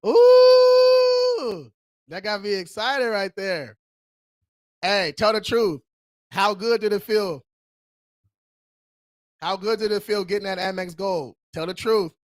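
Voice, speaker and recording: A man's voice: high-pitched, a little slow, long pauses, fairly bright tone, dry recording, studio quality. A man hosting a casual livestream, talking in a slangy, hyped-up way and calling viewers bro. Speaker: credit repair livestream host.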